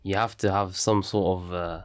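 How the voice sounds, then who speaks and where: A man's voice: sits low, steady tone, moderate pace. A man hosting a podcast, responding in a casual, reflective way with short affirmations. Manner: brief affirming interjections. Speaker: podcast host. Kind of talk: casual chat.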